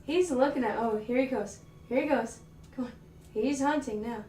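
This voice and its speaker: High-pitched woman coaxing her cats. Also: moderate pace, warm tone, a little hiss or hum. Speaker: livestream host. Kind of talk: casual chat playing with her cats. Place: indoor room at home. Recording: echoey room, mic far off.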